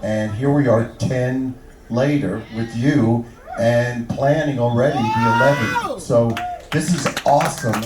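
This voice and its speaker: A man telling a long joke on stage and thanking fans in a relaxed storytelling way. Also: mid-range voice, measured pace, very noisy. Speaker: band member addressing fans. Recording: echoey hall, distant mic.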